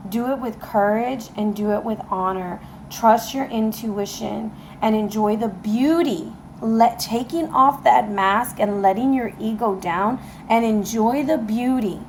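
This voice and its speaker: Excitable woman giving a tarot reading. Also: a little high, creaky, slight background noise, rough recording. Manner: excitable and emotional, addresses viewers as guys. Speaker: tarot reader. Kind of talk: casual tarot reading to camera. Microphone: camera mic.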